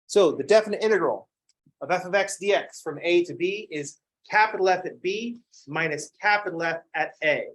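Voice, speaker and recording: A man lecturing a math class in a classroom, his voice sitting a little high for a man. He explains with a wry, joking manner, tossing in playful asides between points. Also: normal speed, fairly bright tone.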